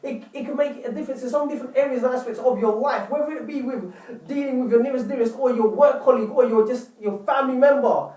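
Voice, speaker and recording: Speaking fast with few pauses, this man has an extremely high, mellow voice. He offers earnest relationship advice directly to camera, repeating himself and addressing viewers as "people," while the distant mic picks him up in an echoey room.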